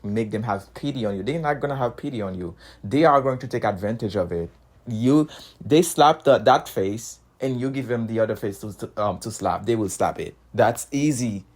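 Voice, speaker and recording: A man, an immigrant with a foreign accent, giving a heated casual opinion monologue. He repeats himself often and breaks into short laughs between points. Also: mid-range voice. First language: not English. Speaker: commentator.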